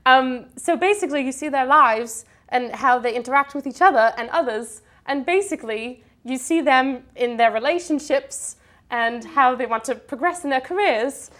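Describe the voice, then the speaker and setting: A woman's voice: high voice, normal speed, fairly bright tone. A young woman doing a playful, put-on British accent while describing a show to her co-host. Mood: playful posh. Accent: mock British.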